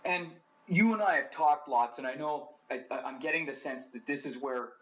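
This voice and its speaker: A man's voice: fairly high pitch, moderate pace, fairly bright tone, dull audio. A man hosting a podcast interview, prompting his guest with short affirming questions. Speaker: podcast host. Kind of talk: conversational interview.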